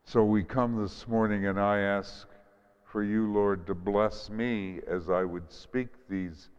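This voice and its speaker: A male pastor giving a gentle sermon, with prayerful pauses and restarts, recorded in a church with a dull sound and a long hall echo. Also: fairly low pitch, steady tone, clean tone. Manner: gentle, prayerful delivery with frequent ums and restarts.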